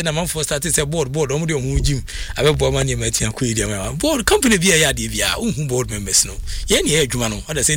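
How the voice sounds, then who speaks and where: Ghanaian man, sports radio host, bright and husky, rambling talk. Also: medium pitch. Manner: animated, rambling, many fillers. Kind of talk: casual talk commentary.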